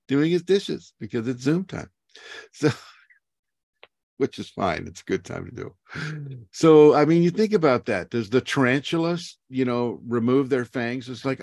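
A man's voice: mid-range voice, a little slow, pauses often, no echo, clean studio sound. A man, a spiritual teacher, talking casually on a video call, rambling with frequent chuckles. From United States. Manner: rambling, chuckling often, animated asides.

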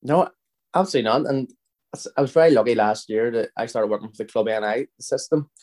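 A man's voice: mid-range voice, fast, a little mellow. A Northern Irish man in his thirties, a footballer guest telling rambling anecdotes in casual podcast talk, often checking in with the listener. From Northern Ireland. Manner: rambling, anecdotal, frequent restarts and "you know what I mean".

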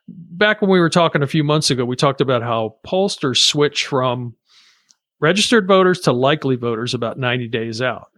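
A man co-hosting a casual political chat. His voice sits in a middle register and sounds close and dry. He walks through his reasoning in a measured way, asking and answering his own questions. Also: medium pitch, a bit bright, no echo. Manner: measured, explanatory, with fillers. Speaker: podcast co-host.

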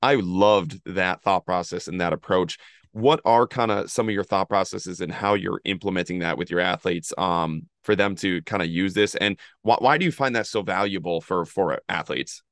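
A man's voice: deep voice, moderate pace, a bit bright, dry recording, clean studio sound. A man hosting a podcast, asking a guest questions in a rambling way and repeating words as he thinks. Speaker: podcast host. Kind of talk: casual interview questions.

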